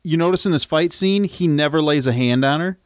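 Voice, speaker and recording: A man co-hosting a podcast who talks through a film in casual chat, amused and animated. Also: fairly high pitch, brisk, no room sound, studio quality. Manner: amused, animated, laughs through his lines. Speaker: podcast co-host.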